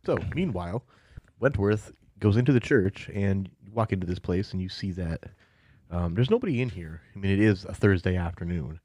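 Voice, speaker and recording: Male game master, very low voice, easygoing filler-heavy narration, dry sound. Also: lively intonation, normal speed, warm tone, no room sound.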